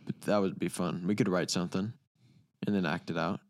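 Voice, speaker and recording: A man's voice: low voice, steady tone, fairly quick, no echo, clean studio sound. A man co-hosting a podcast, talking in a teasing, insistent way in casual chat. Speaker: podcast co-host.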